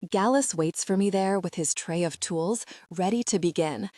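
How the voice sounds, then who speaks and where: Female audiobook narrator, low voice, dry close sound, steady first-person read. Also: moderate pace, no room sound.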